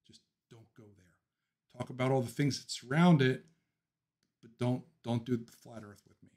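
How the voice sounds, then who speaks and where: Man from Philly, hosting a livestream, loose and opinionated, quick to laugh, mid-range voice. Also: mid-range voice, steady tone, a little mellow. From Philadelphia. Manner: laughs often, opinionated ranting; talks through thoughts with frequent ums and restarts. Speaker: livestream host. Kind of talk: casual livestream chat, reading viewer comments.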